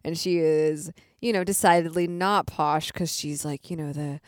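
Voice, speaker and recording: Lower-voiced woman podcaster, chatty and dry-recorded. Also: steady tone, no echo. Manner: chatty and giggly, quick to react. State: tipsy from drinking. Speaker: podcast co-host. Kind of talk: casual chat.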